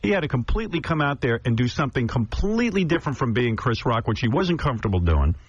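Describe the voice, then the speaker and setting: A man's voice: mid-range voice, fast, slightly rough, no room sound. A man in his fifties hosting a radio show, telling stories and acting out other people's lines. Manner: animated storytelling, acts out other people's lines. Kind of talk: talk radio chat. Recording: dull lo-fi radio broadcast.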